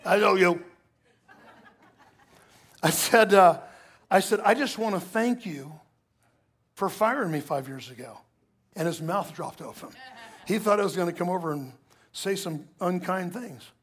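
A middle-aged male pastor preaching a sermon, telling a personal story with lively asides to the congregation. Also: high-pitched, moderate pace, husky.

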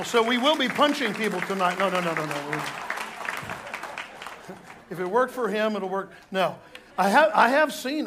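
A male pastor speaks to his church in a high voice, chatting through the sermon with quick jokes and restarted phrases. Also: a bit bright. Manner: conversational, joking asides, restarts.

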